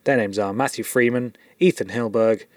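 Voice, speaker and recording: A man's voice: lowish voice, normal speed, darkish tone, no echo, clean studio sound. A man from the UK co-hosting a podcast in loose, joking, rambling casual chat. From United Kingdom. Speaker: podcast co-host.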